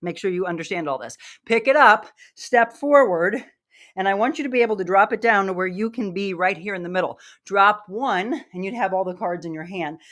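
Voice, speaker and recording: A woman's voice: medium pitch, fast talker, hardly any pauses, a bit bright. A middle-aged woman leading a live workout lesson, upbeat and coaching, out of breath as she demonstrates the moves. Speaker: fitness instructor.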